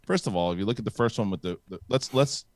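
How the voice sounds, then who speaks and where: A man hosting a casual live-stream chat, animated, swearing freely and restarting his sentences. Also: on the low side, quick pace, no echo. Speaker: host.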